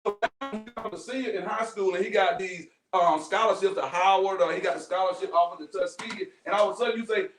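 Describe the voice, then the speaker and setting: A man hosting a podcast, talking with teens in an animated, storytelling way. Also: sits high, quick pace, few pauses, faint music behind. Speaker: podcast host. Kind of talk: casual group discussion. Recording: echoey room from far off.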